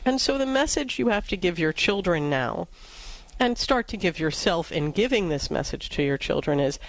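A woman's voice: fairly low pitch, animated, moderate pace, rough recording. A woman from New York City co-hosting an advice talk show, giving practical, encouraging counsel. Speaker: radio co-host, counselor.

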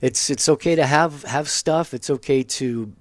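A man co-hosting a Catholic call-in radio show, steady and affable, giving the phone number and station plugs. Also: medium pitch, normal speed, no room sound.

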